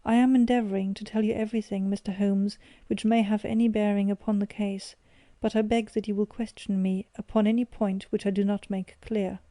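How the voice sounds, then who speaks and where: A woman narrating an audiobook in a measured, expressive reading. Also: medium pitch, no room sound.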